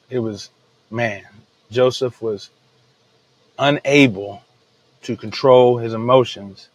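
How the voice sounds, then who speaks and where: On a low-quality recording made with a podcast microphone, a man with a mid-range voice hosts a daily Bible devotional. In a laid-back way, he retells scripture in everyday slang, often calling listeners "man."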